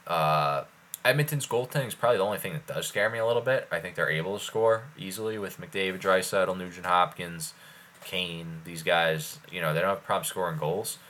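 A man's voice: low voice, a little fast, fairly bright tone. A man co-hosting a casual sports podcast, rambling with lots of fillers. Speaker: podcast co-host.

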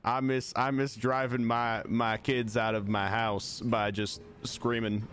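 A man putting on a Southern US drawl, playing a dim-witted country man who jokes slowly and deadpan. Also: mid-range voice, a little hiss or hum, close to an everyday voice. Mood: joking. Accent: Southern US drawl, put on. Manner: slow deadpan joking.

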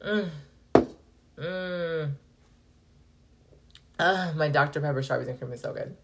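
A young woman hosting a podcast, rambling and cursing in an animated, casual rant. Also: sits low, measured pace, vocal fry. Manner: profane, animated, rambling with frequent "like". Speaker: podcast host.

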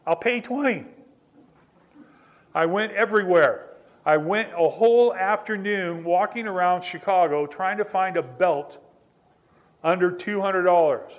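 High-pitched guy preaching, chatty story with lots of repeated lines, talks right to the crowd. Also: a little slow, highs cut off. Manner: repetitive, building emphasis through restated phrases; conversational, addresses listeners directly. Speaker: pastor. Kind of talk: sermon with personal storytelling.

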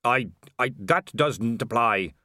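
A man's voice: mid-range voice, expressive, slow pace, pushed and bright, dry recording, studio quality. A man voicing a stiff, proper male city watch captain in an audiobook, formal in manner.

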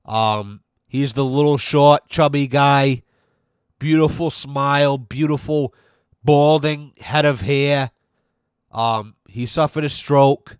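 A man hosting a podcast, ranting in a loose, profane, animated way about weddings and the summer heat. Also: medium pitch, takes it slowly, smooth, no echo, studio quality. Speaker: podcast host. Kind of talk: casual rant.

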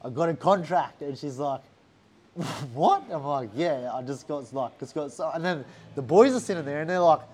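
A man with an Australian accent telling a story in a casual interview, animated and swearing often. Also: fairly high pitch, moderate pace. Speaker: interview guest, fighter.

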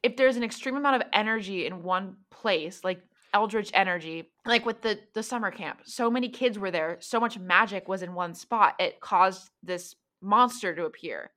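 A woman's voice: medium pitch, normal speed, few pauses, a bit bright. A woman narrating a tabletop role-playing game as game master, casual and full of fillers.

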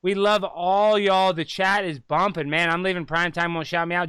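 A man co-hosting a casual livestream, jokey and excitable, playfully yelling shout-outs. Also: high-pitched, moderate pace, clean tone, no echo, clean studio sound. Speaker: podcast host, guest.

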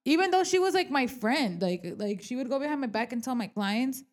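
A woman's voice: high-pitched, fairly quick. A young woman co-hosting a podcast, talking candidly about her work, swearing often and acting out what people said. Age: young adult. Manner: candid and animated, frequent swearing and filler words; acts out quoted dialogue. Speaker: podcast co-host, real estate agent. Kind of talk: casual podcast chat.

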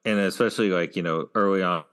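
A man's voice: sits low, quick pace, a bit bright, clear, resonant tone. A man co-hosting a casual TV recap chat, retelling scenes in a meandering way. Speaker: podcast co-host. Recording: long reverb.

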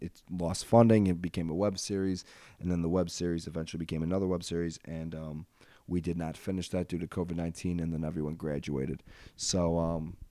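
Casual twenties male podcast host, low pitch and dry sound, rambling delivery full of fillers. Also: warm tone, no echo. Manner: casual, rambling, many ums and uhs. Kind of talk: rambling solo podcast chat.

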